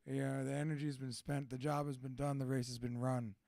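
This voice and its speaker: A man's voice: mid-range voice, level tone, fairly quick, vocal fry, dark tone, no echo. A young man hosting a live community event at a tattoo shop, giving casual, rambling, profane closing remarks and laughing often. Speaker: event host and MC.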